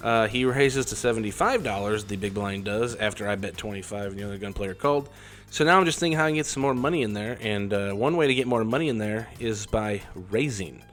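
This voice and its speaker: A man's voice: on the low side, brisk, fairly bright tone. A man casually talking through his poker hands as a vlogger, in a rambling, wry and self-deprecating way. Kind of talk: casual poker hand commentary.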